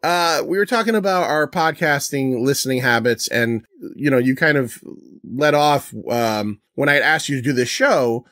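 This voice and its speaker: A man's voice: medium pitch, moderate pace, fairly bright tone, dry recording, studio quality. Laid-back man rambling casually. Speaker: podcast host. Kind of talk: casual chat.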